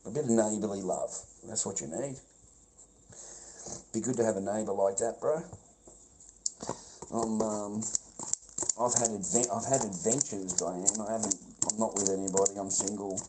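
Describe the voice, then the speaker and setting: A man's voice: normal speed, pauses often, background noise. A man on a live stream, talking to his chat in a profane, confrontational way, calling everyone mate and brother. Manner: trails off into low mumbling. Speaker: livestreamer.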